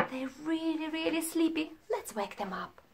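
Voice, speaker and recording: A woman leading a sing-along music lesson for young children, animated and playful, singing and dropping into hushed whispers. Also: sits high, slow, vocal fry, noisy background. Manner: animated, swings between sung lines and hushed whispers.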